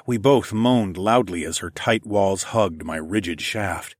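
A man narrating an erotic audiobook in the first person, in a soft, hushed, low-key delivery. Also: unhurried, dry recording, clean studio sound.

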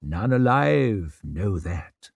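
A man voicing a proud, impatient old male wizard who speaks slowly and sternly. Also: on the low side, sing-song, vocal fry, husky, dry recording, studio quality, heavily acted. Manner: slow, stern, weighty.

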